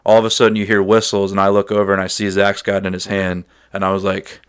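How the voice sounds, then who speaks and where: A young man co-hosting a podcast, telling stories in an animated, casual way. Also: deep voice, fast talker, clear, resonant tone. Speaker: podcast co-host. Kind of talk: casual storytelling.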